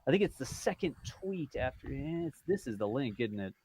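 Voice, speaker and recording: A man's voice: mid-range voice, big pitch swings, normal speed, a little mellow, slight background noise, low-quality recording. A man hosting a live stream in casual chat, rambling a little and reading out viewer donations. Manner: chatty and rambling, with frequent fillers and self-corrections. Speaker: livestream host.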